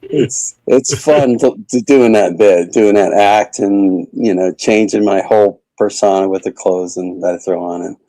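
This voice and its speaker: A man's voice: lowish voice, unhurried, dark tone, no echo, poor audio. A man who is a comedian, rambling casually as a guest in an interview. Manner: rambling, chatty, lots of fillers.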